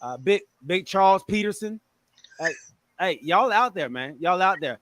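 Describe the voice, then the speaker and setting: A man hosting a casual sports podcast, greeting listeners with energetic shout-outs. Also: sits high, normal speed, a little hiss or hum. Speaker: podcast host.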